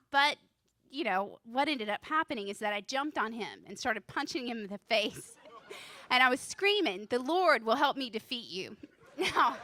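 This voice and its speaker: Bright-voiced nervous woman doing stand-up. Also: fairly high pitch, dry recording. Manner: nervous, self-deprecating, laughs at her own jokes. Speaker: student stand-up comic. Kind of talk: stand-up comedy set. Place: comedy club stage.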